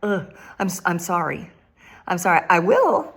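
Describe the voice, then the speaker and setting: A woman's voice: lowish voice, animated, moderate pace, slightly rough. An older woman and grandmother giving a casual devotional talk, laughing often and repeating phrases for emphasis. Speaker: Christian speaker.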